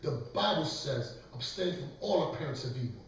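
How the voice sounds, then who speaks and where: A man preaches and leads a scripture class, lecturing emphatically and calling on others to read. His slightly high voice is expressive and fairly quick, recorded in an echoey room with the mic far away.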